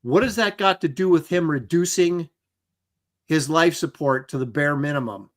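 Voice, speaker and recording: A man with a slightly raised pitch talks loosely through a casual livestream chat. He rambles, restarts often and acts out quoted dialogue. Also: normal speed. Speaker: podcast co-host.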